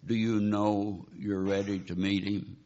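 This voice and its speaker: A man's voice: fairly low pitch, little pitch movement, measured pace, dark tone. A man preaching a sermon, telling a dramatic story and pleading with his listeners. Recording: dull lo-fi recording.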